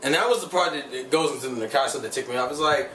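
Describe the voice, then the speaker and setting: A man's voice: mid-range voice, quick pace, pushed and bright, a little hiss or hum. Ranting man in a roomy, distant recording. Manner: rambling, profane, heated ranting full of "like". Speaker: anime reviewer vlogger. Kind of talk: casual spoken episode review. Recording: roomy sound from a distant mic, faint ambience.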